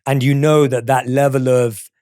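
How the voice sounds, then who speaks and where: A man's voice: medium pitch, level tone, normal speed, darkish tone. A male podcast host asking questions, enthusiastic and laughing often. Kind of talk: interview conversation. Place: podcast studio.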